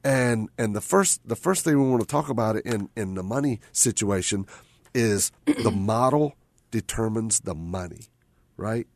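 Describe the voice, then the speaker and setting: A man's voice: lowish voice, expressive, moderate pace, no room sound. A man hosting a radio talk show, chatting casually and tagging his points with "right?" and repeated phrases.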